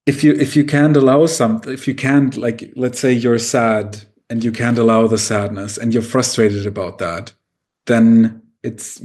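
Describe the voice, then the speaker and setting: A man's voice: lowish voice, a little mellow. A man co-hosting a podcast, reflective and searching for his words with many fillers and restarts. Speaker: podcast co-host. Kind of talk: casual podcast discussion.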